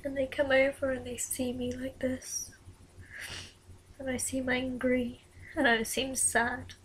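A young woman in a confessional vlog, talking in a soft, halting whisper at night in her bedroom. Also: high voice, completely flat delivery, slight background noise, low-quality recording. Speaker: vlogger.

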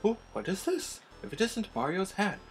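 A man raises his voice to play a grandiose female ghost fortune teller from a video game. She chants and swoons over her crystal orb in a high, theatrical register, full of melodrama. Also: sing-song, normal speed, faint music behind. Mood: dramatic. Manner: melodramatic, incantatory.

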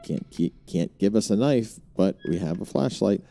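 A man's voice: fairly low pitch, expressive, normal speed, vocal fry, mellow, soft background music. A young man streaming a horror game, talking to his chat, swearing and jumpy. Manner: swearing, jumpy, chatty with viewers. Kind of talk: live horror game commentary.

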